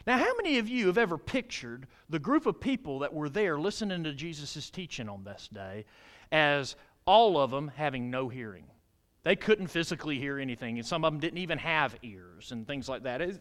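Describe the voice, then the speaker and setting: A male pastor preaching in a church, his voice sitting high and swinging widely in pitch. He climbs to emphatic peaks, then sinks low and quiet, and keeps putting questions to the congregation. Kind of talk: sermon.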